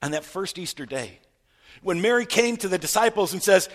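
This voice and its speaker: A man preaching a sermon, retelling a story with stammered repeats and rhetorical questions, swinging from loud to hushed. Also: high voice, big pitch swings, normal speed, pauses often. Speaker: pastor.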